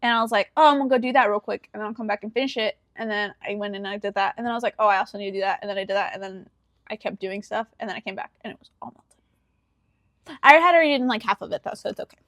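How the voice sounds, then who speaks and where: A young woman co-hosting a podcast in casual chat, telling a story with lively acted-out quotes and frequent laughter. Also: mid-range voice, racing, no room sound, studio quality. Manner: animated storyteller who acts out quoted dialogue and laughs often. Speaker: podcast co-host.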